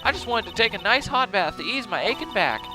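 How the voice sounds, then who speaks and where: A man voicing a fussy old head nun with a bad back, in a put-on Southern US accent, high and fretful. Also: sing-song, brisk, music in the background.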